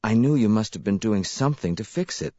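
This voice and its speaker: Little sister, soft and trusting, read by a man; slightly lifted pitch, dry dull recording. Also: expressive, brisk, no room sound. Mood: tender. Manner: sleepy, wondering, soft-spoken.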